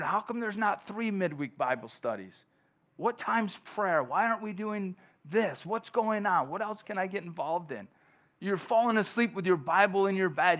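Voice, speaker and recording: Animated man preaching a sermon. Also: on the high side. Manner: conversational, animated preaching with frequent "right?"; acts out quoted voices of churchgoers. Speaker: pastor. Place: church.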